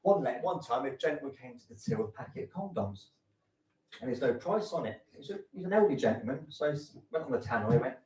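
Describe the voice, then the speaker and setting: A man's voice: medium pitch, expressive, quick pace, darkish tone. A man doing camp, bawdy stand-up comedy on a stage, slipping into put-on voices for his stories. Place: theatre stage at a fringe festival. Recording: echoey live room, voice from a distance.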